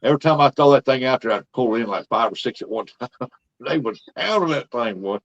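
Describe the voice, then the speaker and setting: A man's voice: mid-range voice, expressive, brisk, dry recording. An older man, rambling in folksy, easygoing talk as he hosts a casual livestream. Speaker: livestream host. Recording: dull, dry lo-fi audio.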